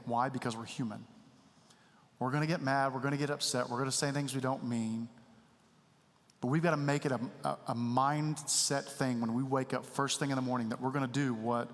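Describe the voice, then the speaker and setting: A man's voice: medium pitch, fairly even intonation, fairly quick. A man, preaching a candid, conversational sermon full of personal stories in a church sanctuary. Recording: church hall reverb.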